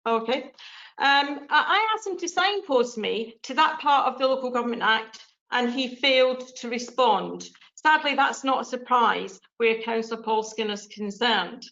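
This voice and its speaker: A woman's voice: fairly high pitch, moderate pace, creaky, fairly bright tone. An English woman councillor making an earnest, pointed speech in a council debate, with frequent ums and restarts. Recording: dull lo-fi council chamber audio.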